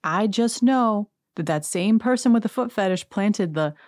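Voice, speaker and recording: A woman's voice: medium pitch, animated, normal speed, darkish tone, no room sound, studio quality. A woman hosting a podcast, recapping reality TV in a chatty, gossipy, wry way. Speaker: podcast host.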